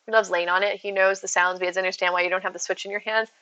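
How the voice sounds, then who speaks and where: A woman's voice: mid-range voice, little pitch movement, very fast, bright, forceful tone, clean tone, rough recording. A woman streaming live from home, chatting casually and answering viewers' messages as she goes. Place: at home with her cats.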